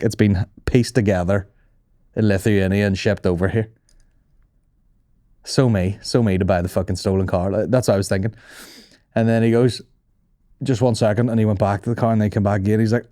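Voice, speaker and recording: A man's voice: lowish voice, a little fast, no echo, clean studio sound. Sweary man telling stories. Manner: profane, animated, acts out voices in anecdotes. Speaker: comedian podcast host. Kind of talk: casual storytelling chat.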